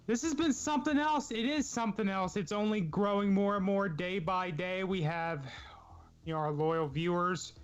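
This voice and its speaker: A man's voice: sits high, moderate pace, clear, resonant tone, dull audio. A man with a South Jersey and Philadelphia accent, talking earnestly and a bit rambling as a stream co-host. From South Jersey / Philadelphia area. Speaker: podcast co-host. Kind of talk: casual livestream chat.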